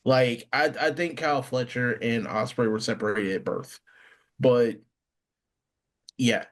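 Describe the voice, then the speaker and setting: A man's voice: medium pitch, fairly even intonation, a little slow. A young man co-hosting a podcast, chatting in an easygoing, joking way with ums and restarts. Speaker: podcast co-host. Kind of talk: casual chat.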